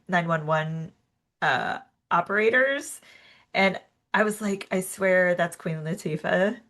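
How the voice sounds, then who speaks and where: A young woman co-hosting a film podcast in casual chat, chatty with quick reactions. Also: medium pitch, fairly bright tone. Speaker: podcast co-host.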